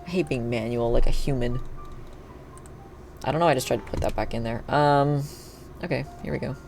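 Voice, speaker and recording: A live streamer chatting casually while playing, thinking aloud and breaking into excited cheers. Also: mid-range voice, fairly quick, gravelly, slight background noise. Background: faint background music and keyboard typing.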